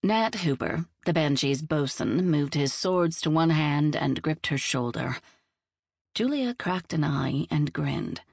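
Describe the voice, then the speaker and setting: Audiobook narrator, female, low and dry, measured storytelling. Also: animated, vocal fry, a little mellow, slightly rough, dry recording. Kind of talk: scripted narration of a novel.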